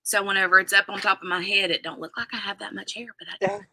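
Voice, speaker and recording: A woman's voice: medium pitch, fairly even intonation, fast talker, bright, forceful tone, a little hiss or hum. A woman hosting a casual live stream, chatting and greeting viewers by name. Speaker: livestream host.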